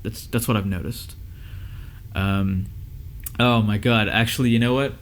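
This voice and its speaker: A man's voice: on the low side, steady tone, measured pace. Casual laid-back male music engineer. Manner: loose conversational storytelling, many fillers. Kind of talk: casual Q&A advice talk.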